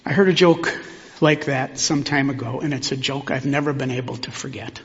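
A man, a pastor preaching a sermon in a church sanctuary, in a measured, reflective way with pauses. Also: mid-range voice, a bit bright. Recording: long hall reverb, dull sound.

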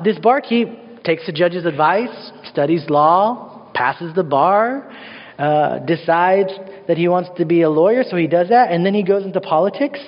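A worship pastor gives a sermon in a church sanctuary, his voice sitting high for a man. He tells the story with animated, playful asides. The sound is dull, with a long hall reverb trailing behind.

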